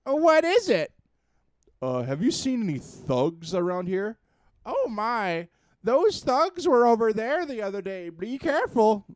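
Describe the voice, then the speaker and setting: A man doing a high fussy villager. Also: very animated, unhurried. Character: helpful, fussy village bystander in a game.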